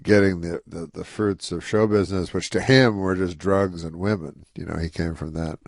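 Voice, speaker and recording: A man with a very low, gravelly voice rambles through a deadpan anecdote as an interview guest, full of restarts and asides. The sound is dry and close to the mic. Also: moderate pace, no echo. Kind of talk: casual anecdote telling.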